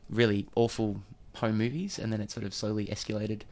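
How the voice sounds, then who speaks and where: Director losing his voice, hesitant and halting, on a studio mic, radio guest. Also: fairly low pitch, level tone, a little mellow. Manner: hesitant, lots of ums and restarts. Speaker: film director. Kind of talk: casual radio interview guest. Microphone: studio microphone.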